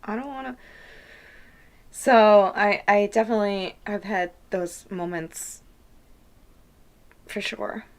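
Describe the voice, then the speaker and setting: Slow, reflective woman who laughs often. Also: mid-range voice. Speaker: podcast co-host. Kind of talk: casual chat.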